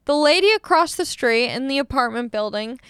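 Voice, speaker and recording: A young adult woman casually telling a story, lively and swearing freely as she acts out the people she quotes. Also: high voice, brisk, clear, resonant tone, no room sound, clean studio sound.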